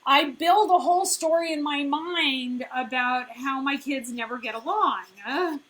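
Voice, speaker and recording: High-voiced woman coaching, chatty and lively. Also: unhurried, rough recording. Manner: conversational, filler-heavy, keeps asking "right?". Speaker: business owner and life coach. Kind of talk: casual coaching talk.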